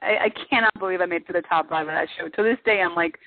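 Animated woman on a tinny phone line. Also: lowish voice, fast talker, no echo. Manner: animated, acts out shouted quotes. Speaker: guest, former cooking show contestant. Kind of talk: casual storytelling on talk radio.

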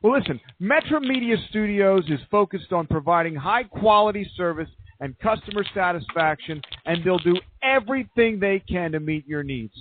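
A man reading a scripted radio ad as a friendly sales pitch. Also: animated, moderate pace, hardly any pauses, phone-quality sound, a little hiss or hum. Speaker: ad announcer.

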